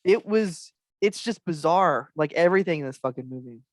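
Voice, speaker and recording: A man chatting as a podcast guest, swearing freely, laughing often and dropping into quick impressions. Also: a little high, expressive, no room sound, clean studio sound. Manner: profane, laughs a lot, does impressions. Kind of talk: casual chat.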